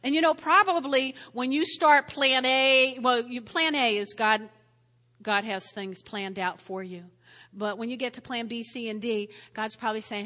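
A woman preaching a sermon to a congregation, lively, acting out the voices of biblical figures. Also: on the high side, moderate pace. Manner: animated, acts out voices of biblical figures with laughs. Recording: long hall reverb.

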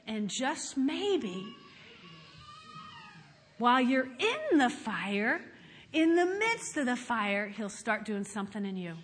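A woman pastor preaching a sermon, telling stories in an animated way, moving from hushed asides to shouted praise. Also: fairly high pitch, slow pace, long pauses, faint music behind. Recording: long hall reverb.

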